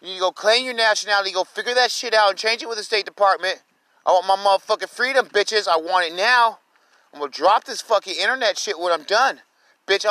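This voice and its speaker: A man rants into his phone on a livestream, furious and profane, hammering the same demands again and again. His voice sits high and cuts sharp and bright. The sound is dry and close, with no room around it. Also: no room sound, poor audio. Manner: furious, profane, repetitive shouting. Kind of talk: angry livestream rant.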